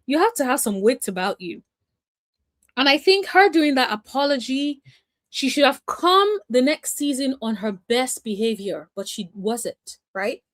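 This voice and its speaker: A woman's voice: sits high, big pitch swings, measured pace, fairly bright tone. A woman giving casual commentary as a reality TV recap vlogger, chatty, emphatic and opinionated, calling her viewers y'all and honey.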